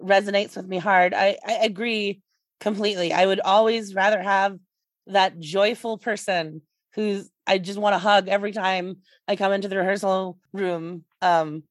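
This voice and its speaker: A woman interviewing a musician, asking friendly questions and agreeing warmly with his answers. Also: medium pitch, steady tone, moderate pace, dry recording.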